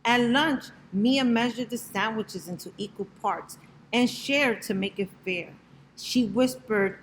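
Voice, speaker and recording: A woman reads a rhyming picture book aloud with a gentle, rhythmic lilt. Her pace is slow and unhurried, and faint noise sits behind her voice. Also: fairly high pitch, rough recording. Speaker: storybook reader.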